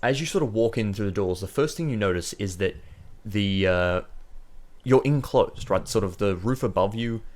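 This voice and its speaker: A man narrating a tabletop game as game master, halting with many fillers. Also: on the low side, darkish tone.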